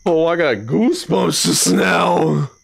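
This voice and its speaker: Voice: mid-range voice, fairly even intonation, slow, gravelly, husky. A streamer giving live commentary on a horror game, swearing often, thinking aloud and jumping at scares.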